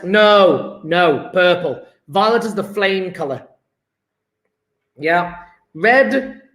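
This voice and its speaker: A man's voice: high-pitched, fairly bright tone. Rambling, joking male chemistry teacher. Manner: rambling, joking, self-deprecating. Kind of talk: live online lesson answering chat. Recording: echoey room.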